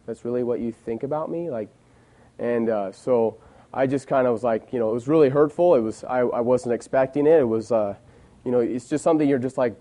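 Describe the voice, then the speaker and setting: A man's voice: mid-range voice, dark tone. A man in his twenties giving an earnest, heartfelt personal testimony to a congregation, rambling as he goes. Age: 20s. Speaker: church member giving a testimony.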